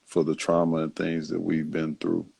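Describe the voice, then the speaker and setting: Deep gravelly guy, kinda raspy, stops and restarts a lot, dry sound. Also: completely flat delivery, darkish tone, no room sound. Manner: halting, full of fillers and restarts. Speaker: host. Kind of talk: casual reflective talk.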